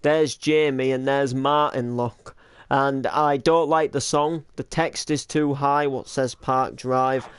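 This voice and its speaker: A young British man chats his way through a reaction to his old videos, full of restarts and filler likes. His voice is smooth and sits at a middling pitch. The sound is dry and close, with no room around it. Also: fairly even intonation, takes it slowly, no echo. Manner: rambling, lots of likes and restarts. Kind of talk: casual reaction commentary.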